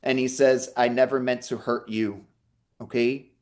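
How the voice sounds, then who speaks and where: A man's voice: mid-range voice, level tone, measured pace. A man working as a psychic medium in an online talk, earnestly relaying messages and reassuring the listener over a video call. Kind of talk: live online talk and reading.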